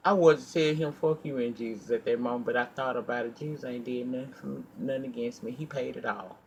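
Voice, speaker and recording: A man telling a personal story in a casual storytime monologue, animated and profane, acting out his own heated outbursts and then dropping to a quiet, earnest tone when he reflects. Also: mid-range voice, fast, vocal fry, a little hiss or hum. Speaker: storyteller vlogger.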